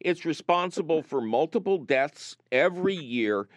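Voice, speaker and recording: A man's voice: on the high side, moderate pace, no room sound. A man hosting a call-in gardening radio show from a studio, joking and telling stories with energy. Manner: jokey, animated storyteller. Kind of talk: lively call-in radio talk. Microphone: studio mic.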